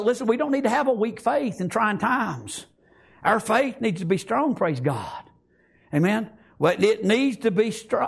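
Male preacher, impassioned sermon delivery, very high for a man, husky, keeps calling out amens. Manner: fervent, breaks into shouts, fills pauses with "praise God" and "amen".

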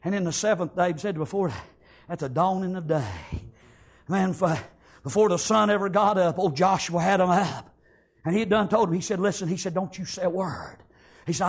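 A man preaching a sermon, acting out the story, shouting some lines and whispering others. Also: high-pitched, lively intonation, a little fast, creaky, husky.

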